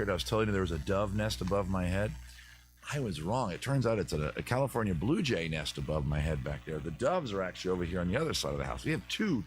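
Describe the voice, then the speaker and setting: A man originally from the US East Coast hosts a casual comedy advice live stream from his backyard. He talks in a lowish voice, rambling from one joke to the next. The sound is open and outdoors. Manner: rambling, jokey, riffing on tangents.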